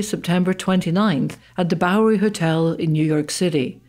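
A woman's voice: on the low side, a little mellow. A woman podcast host reading a scripted event announcement in a polished, articulate way.

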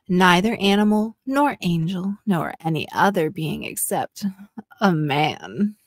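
A woman reads a passage aloud in an exaggerated sultry voice, slow and drawn out, slipping into breathy whispers. Her voice sits a little low and the sound is close and dry. She delivers it as a playful mock-seductive reading. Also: lively intonation, no room sound. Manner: breaks into giggles. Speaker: podcast co-host.

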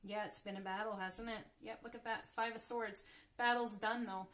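A woman's voice: mid-range voice, fairly even intonation, normal speed, fairly bright tone. A woman reading tarot cards for her viewers, often gasping and exclaiming as cards turn up. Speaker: tarot reader. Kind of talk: casual tarot reading to camera.

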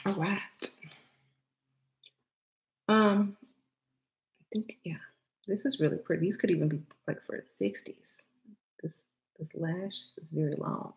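A middle-aged woman with a Southern accent talks viewers through a makeup routine in easy, playful chat. Her voice carries a gravelly fry, and she often slips into low murmured asides between steps. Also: normal speed, long pauses, poor audio. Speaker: beauty vlogger. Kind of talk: casual makeup tutorial chat.

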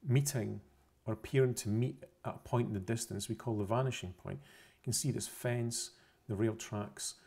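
A man's voice: fairly low pitch, vocal fry, mellow. A man explaining a science topic over pictures, unscripted, methodical and repetitive, often correcting himself mid-phrase. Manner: methodical, repeats points, self-corrections.

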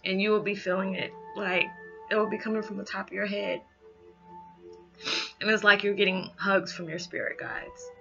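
A woman giving a heartfelt spiritual message, close to tears, speaking haltingly and filling pauses with "you know". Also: mid-range voice, little pitch movement, gravelly, fairly bright tone. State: holding back tears. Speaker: spiritual reader. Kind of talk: emotional spiritual message vlog. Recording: dull lo-fi sound with music behind. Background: background music.

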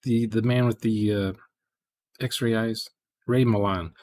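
A man's voice: fairly low pitch, steady tone, takes it slowly, a little mellow. A man, casually chatting with viewers during a live programming stream, rambling and thinking aloud.

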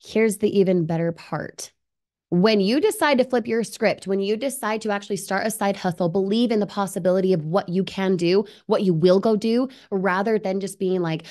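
With a mid-range, darkish voice and a moderate pace, a woman runs a live online webinar. She keeps things upbeat and persuasive, quizzing her audience and reading their comments out loud.

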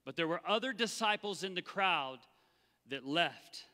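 Bright-voiced pastor preaching in a reverberant hall. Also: male voice, high voice, unhurried. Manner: animated, acts out the Bible voices. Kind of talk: sermon. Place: church sanctuary.

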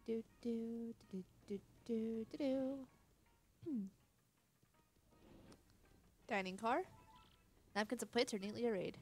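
A woman's voice: on the high side, slow, long pauses, soft background music. A young woman giving casual, wisecracking commentary while playing a video game, with the occasional swear. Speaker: let's play host.

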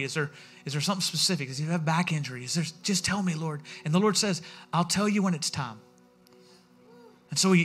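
A man's voice: fairly high pitch, a bit bright. A man, a pastor giving a sermon in a conversational, storytelling way, acting out the voices he quotes. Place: church sanctuary.

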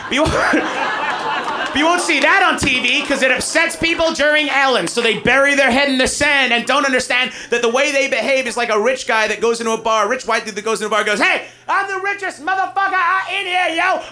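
A male stand-up comedian on a live stage, talking fast and swearing a lot, with shouted punchlines. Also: sits high.

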